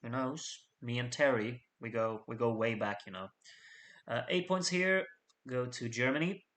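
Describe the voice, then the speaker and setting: A man's voice: mid-range voice, moderate pace, a bit bright. A man hosting a live fan vote, reading out points with chatty, jokey asides to his audience. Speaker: host reading out fan contest votes. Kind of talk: casual live voting commentary.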